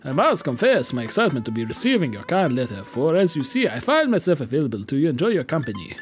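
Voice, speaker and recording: A man's voice: a little high, big pitch swings, fast talker, faint music behind. A man voicing a courtly, old-fashioned male vampire dad in a game, putting on a Transylvanian accent and flowery formal speech. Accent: put-on Transylvanian.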